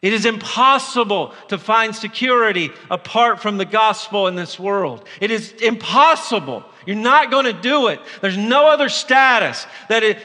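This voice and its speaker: A man preaching a sermon, moving between impassioned exhortation and quieter personal storytelling. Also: high-pitched, lively intonation, normal speed, few pauses, big-room sound. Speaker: pastor.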